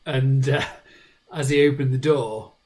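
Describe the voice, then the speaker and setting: A man co-hosting a podcast, telling animated stories in casual chat. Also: medium pitch, a little slow, low-quality recording. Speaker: podcast co-host.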